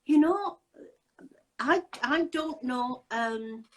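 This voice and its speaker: A woman's voice: high voice, expressive, very slow, rough recording. A woman hosting a casual interview chat, talking in an indignant, emphatic way with many rhetorical questions. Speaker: host.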